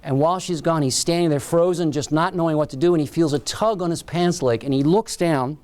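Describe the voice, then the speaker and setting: A man's voice: on the high side, brisk, darkish tone. Man telling a story in a keynote speech. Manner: dramatic storyteller, short emphatic phrases. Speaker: keynote speaker.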